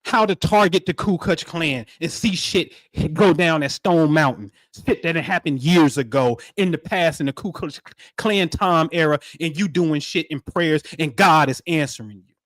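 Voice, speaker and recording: A man hosting a spiritual livestream, talking in animated, preachy street slang. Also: fairly high pitch, normal speed, dry recording, clean studio sound. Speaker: livestream host.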